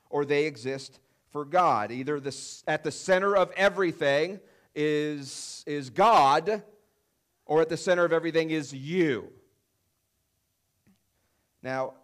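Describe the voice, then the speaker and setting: A man preaching a sermon in a conversational way, often saying "you know" and leaning hard on key phrases. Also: fairly high pitch. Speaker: pastor.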